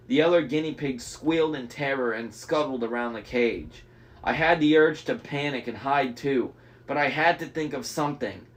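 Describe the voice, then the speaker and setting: A young man reading a novel aloud, breaking off for enthusiastic, chatty fan commentary. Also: medium pitch. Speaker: audiobook reader.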